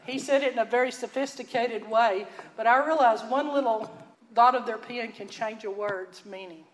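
Folksy Texan woman preaching, higher voice. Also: normal speed, echoey room, a little hiss or hum, low-quality recording. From Texas. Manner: folksy, earnest, dropping to a hush for emphasis. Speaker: Bible teacher. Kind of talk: sermon storytelling.

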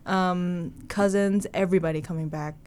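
A woman from northern Vietnam chatting casually and in a relaxed way on a podcast. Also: lowish voice, normal speed, clean tone. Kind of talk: casual chat.

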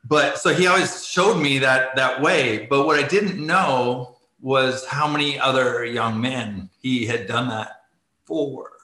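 A middle-aged man talks over a video call from an echoey room, and his voice sounds bright and forward. He rambles through his stories, leans on "like", laughs in between, and sounds tearful at moments. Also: mid-range voice, takes it slowly. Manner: rambling, says "like" often, laughs while telling. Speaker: interview guest, former ice hockey player. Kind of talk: casual interview storytelling.

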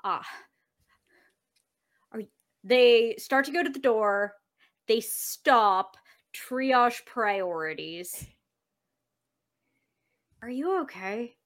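A woman's voice: on the high side, expressive, very slow, pauses often, a bit bright. A woman playing a tabletop role-playing game, speaking wryly and switching between her character's talk and narrating its actions. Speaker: player.

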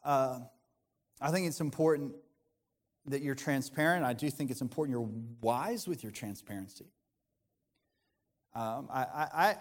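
A man's voice: medium pitch, long reverb tail. A man, a pastor, preaching a conversational sermon in an earnest tone, often restarting his sentences.

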